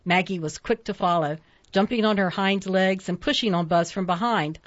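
A woman narrating a storybook at a steady pace, giving each character its own voice. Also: medium pitch, moderate pace, no room sound. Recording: dull lo-fi dry recording.

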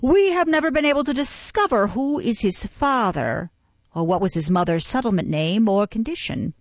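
A woman reading a storybook voices a pompous, self-important parish beadle who speaks slowly and orates. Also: on the high side, expressive, dry recording. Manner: pompous, slow, oratorical. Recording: dull, muffled, dry recording.

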